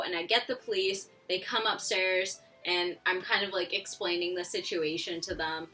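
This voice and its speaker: A woman's voice: mid-range voice, sharp tone, distant mic. A woman vlogger telling a story in a casual, chatty way, laughing often and filling her talk with "like". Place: home near a busy road.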